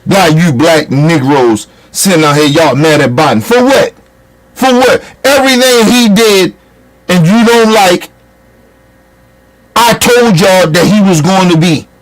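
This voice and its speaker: A man with a fairly high voice holds forth in a fiery political monologue. He curses freely and scolds his audience with heated, blunt delivery. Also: lively intonation, a little slow. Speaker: commentator.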